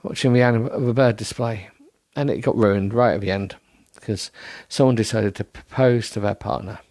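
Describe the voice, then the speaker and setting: The voice sits on the low side, dark-ish in tone, at normal speed and with no echo. It belongs to a man rambling alone on his podcast, yawning and weary, poking fun at himself amid frequent ums and restarts.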